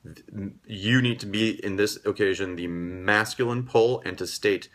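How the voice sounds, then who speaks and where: A man's voice: on the low side, fairly even intonation, a bit bright. A man giving emphatic, lecturing dating advice as a coach, stretching out key words for effect. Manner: emphatic, lecturing, drawn-out pauses. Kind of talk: advice monologue.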